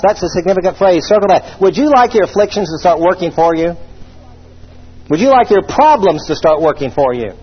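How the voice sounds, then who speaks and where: A man preaching a humorous sermon, voicing imagined listeners and reading scripture slowly. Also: high voice, animated, breathy edge, muffled recording.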